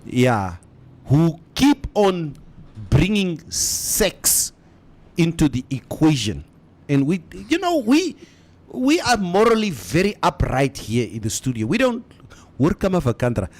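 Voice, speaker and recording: A man in his fifties co-hosts a radio show from the studio. His slightly high voice swings widely in pitch, and he talks at an unhurried pace. He laughs often and mixes English with Afrikaans. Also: wildly swooping pitch. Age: over 50. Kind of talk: casual studio banter, reading listener comments.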